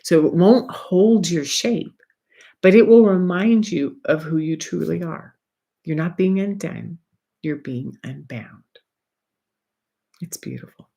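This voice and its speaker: A woman speaking as a spiritual energy guide, teaching gently in a soft, meandering way from home. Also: on the low side, takes it slowly, creaky, pauses often. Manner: soft, meandering, with light laughs and asides.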